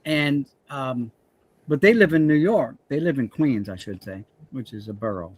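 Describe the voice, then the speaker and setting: A man's voice: medium pitch, expressive, moderate pace. A man from New Jersey hosting a livestream, rambling casually with a joking tone.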